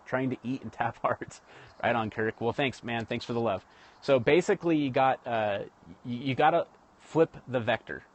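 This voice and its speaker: A man teaches sales rapport during a casual livestream, speaking at a normal speed in a mid-range voice. He talks right to his viewers and often restarts what he's saying.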